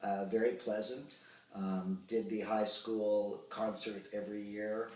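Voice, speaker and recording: A man in his sixties, an actor telling expressive anecdotes with hesitant fillers in an interview. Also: fairly low pitch, takes it slowly. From Ottawa, Canada. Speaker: actor and puppeteer, interview guest. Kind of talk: reminiscing interview. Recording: roomy sound, distant from the mic.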